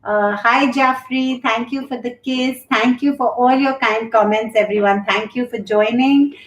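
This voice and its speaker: Middle-aged woman host, candid and chatty, bright-ish voice, echoey room on a live stream. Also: on the high side, steady tone, unhurried. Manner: candid, chatty, warmly thankful. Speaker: show host and yoga instructor. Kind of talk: live-stream chat reading viewer comments.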